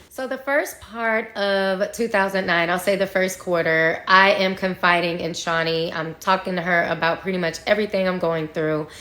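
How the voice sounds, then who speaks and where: Speaking straight to viewers, a woman tells her own story candidly and frankly, with occasional swearing and conversational fillers. Her voice is fairly low in pitch with a fairly bright tone.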